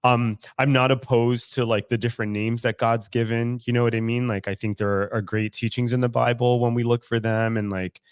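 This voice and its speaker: A man in casual podcast chat, blunt and profane, laughing easily as he talks. His voice sounds dry and close, with no room around it. He speaks at an ordinary middle pitch. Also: little pitch movement, a little fast, hardly any pauses, clear, resonant tone, dry recording. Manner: candid, profane, laughs often. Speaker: guest co-host. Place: recovery club in a room.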